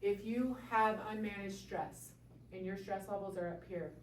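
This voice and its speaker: A woman's voice: mid-range voice, normal speed, slight background noise. A woman chiropractor explaining health topics to a small group, checking in with a frequent "okay?". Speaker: chiropractor giving a talk. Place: room with a small audience. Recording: echoey room, voice from far off.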